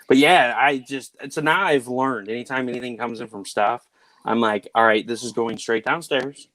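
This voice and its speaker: A man's voice: mid-range voice, normal speed. A man hosting a casual chat, telling family stories and acting out the quotes. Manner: animated storyteller who acts out quotes. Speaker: host.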